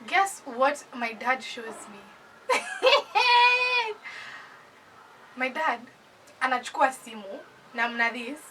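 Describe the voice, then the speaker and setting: A young woman from Kenya with a Kenyan accent, telling a personal story in an animated, casual storytime voice that mixes English with Swahili slang. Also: on the high side, a little slow, far from the mic, slight background noise, low-quality recording.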